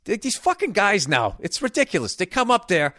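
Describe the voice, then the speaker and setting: A man's voice: high voice, fairly quick, no room sound. Man, middle-aged, swearing rant, dry close sound. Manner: profane, animated ranting with frequent restarts. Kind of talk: casual rant about baseball.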